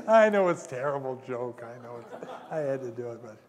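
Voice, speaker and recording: A man lecturing at a conference, his voice sitting at an everyday middle pitch. He rambles through stories, chuckles often and pokes fun at himself, with a long hall reverb behind every word. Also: big pitch swings, moderate pace.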